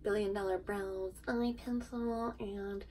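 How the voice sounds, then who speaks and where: A woman's voice: medium pitch, steady tone, slow pace, darkish tone, a little hiss or hum. A woman vlogger chatting casually through a makeup tutorial, rambling with self-deprecating asides, filmed at home on a tripod camera.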